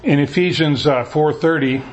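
A man's voice: on the high side, normal speed, a little hiss or hum. A man preaching a sermon as pastor, talking in a conversational way and often repeating words as he restarts.

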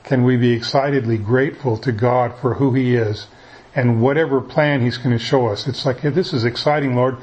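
A man giving a conversational sermon, talking in a folksy, halting way with frequent restarts. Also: mid-range voice, steady tone, a little mellow, poor audio. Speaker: preacher.

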